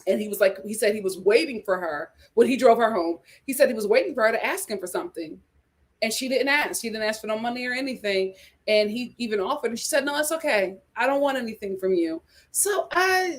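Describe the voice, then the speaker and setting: A woman hosting a reality TV recap, talking in a lively, gossipy way with sudden exclamations and laughter. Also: a little high, fairly quick. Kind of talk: casual recap chat.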